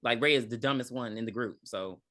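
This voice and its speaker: A woman's voice: rumbling low, brisk, bright, forceful tone. A woman co-hosting a podcast, reviewing a movie in casual chat, blunt and profane, laughing often. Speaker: podcast co-host.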